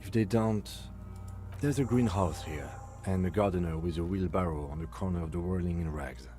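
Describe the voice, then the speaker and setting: An actor voicing a grave, dry male narrator in a video game, with a deep, low voice. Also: moderate pace, warm tone, soft background music, natural voice. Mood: wry.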